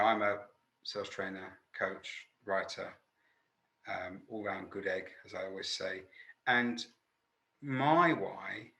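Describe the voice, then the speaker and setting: A man's voice: on the low side, pushed and bright, echoey room, poor audio. A man who works as a sales trainer, hosting a webinar in a chatty, jokey, self-deprecating way. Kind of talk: casual webinar talk.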